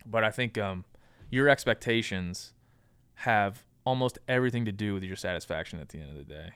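A man guesting on a podcast gives casual conversational advice, working through his thoughts with lots of ums and restarts. His lowish voice is clear, smooth and fairly bright, fairly quick, and recorded close and dry without room echo.

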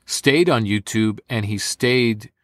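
A man's voice: on the low side, slow pace, no room sound, clean studio sound. A young American man, a voice actor, telling stories in a casual interview and slipping into impressions. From United States. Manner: animated storyteller, slips into impressions. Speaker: voice actor guest.

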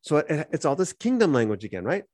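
A man's voice: fairly high pitch, fast, no echo, studio quality. A man co-hosting a podcast who reads Bible verses aloud and explains them in a conversational teaching style. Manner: animated, reads scripture aloud then explains it.

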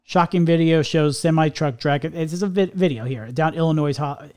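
A middle-aged man rants his way through a casual podcast chat, circling back and restarting his sentences. His voice sits a little high for a man. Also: brisk, darkish tone. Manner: ranting, rambling with many restarts. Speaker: podcast co-host.

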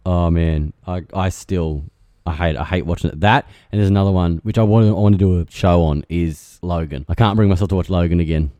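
A man's voice: sits low, fairly even intonation, fairly quick, mellow, dry recording. A young man, co-hosting a casual movie chat and chiming in with eager agreement. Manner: eager agreeing, chimes in often. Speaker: podcast co-host.

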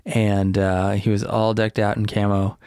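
A man in casual chat, telling a long story with lots of fillers and restarts and loudly acting out the people in it. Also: on the low side, level tone, measured pace, clear, resonant tone, no room sound, clean studio sound. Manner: acts out quoted people loudly.

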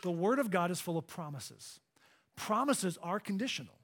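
A middle-aged man preaching a sermon to a congregation in a church hall, emphatic and swinging from loud to hushed. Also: high-pitched, expressive, normal speed. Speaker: pastor.

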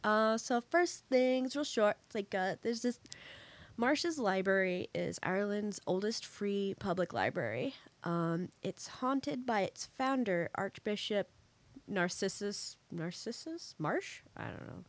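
A woman's voice: mid-range voice, lively intonation, a little slow. A young woman co-hosting a podcast, chatting casually and teasing her friend between laughs. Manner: joking, teasing, laughs a lot. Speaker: podcast co-host. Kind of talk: casual chat.

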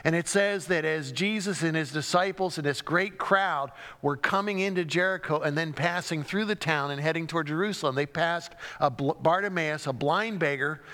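A man's voice: a little high, bright, forceful tone. A man preaching a sermon, telling the story dramatically and acting out the cries and crowd lines. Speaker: pastor. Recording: long hall reverb.

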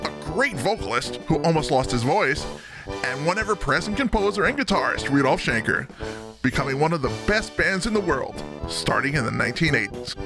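A man announces a podcast in a scripted, upbeat way, his voice bouncing with plenty of pitch movement and sitting a little high. Music plays clearly under his words. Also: animated, brisk. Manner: upbeat, emphatic announcer delivery. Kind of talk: scripted show intro narration. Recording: music playing behind the voice.

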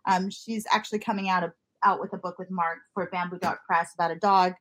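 A woman's voice: fairly low pitch, steady tone, brisk, a bit bright. A woman interviewing an author in a casual, rambling way, laughing often and gushing about the book. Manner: giggly, rambling, enthusiastic.

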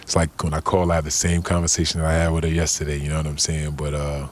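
With a rumbling low voice and a completely flat delivery, a man speaks quickly as a podcast guest over slight background noise. The cannabis company founder shares a personal story in a laid-back, slangy interview style, packed with "you know what I'm saying" fillers.

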